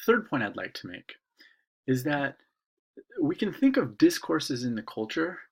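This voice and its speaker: A man's voice: medium pitch, sing-song, measured pace, slightly rough. A man, an instructor, explaining course material in a casual recorded video lecture, with frequent "uh" fillers. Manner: conversational, filler-laden explaining.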